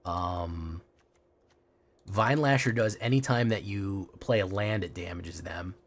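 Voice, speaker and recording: Deep and creaky, this man's voice moves slowly as he streams a card game. He talks casually with his audience, curses often, and frequently starts his sentences over.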